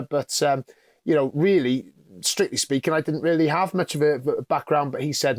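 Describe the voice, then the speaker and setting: A man's voice: on the high side, a little fast, dry recording, clean studio sound. A middle-aged man from North Wales with a Welsh accent, chatting casually as a podcast guest, self-deprecating and full of fillers. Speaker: podcast guest, football journalist. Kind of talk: casual chat.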